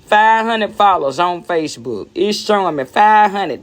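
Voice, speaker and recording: A woman's voice: on the low side, expressive, measured pace. A woman ranting bluntly on a phone livestream, rambling and repeating herself as she talks straight to her viewers. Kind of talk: casual livestream rant.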